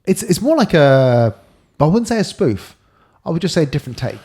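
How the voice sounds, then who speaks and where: A man's voice: on the high side, sing-song, fairly quick, mellow, husky. A man co-hosting a podcast in casual chat, jokey, blunt and offhand. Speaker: podcast co-host.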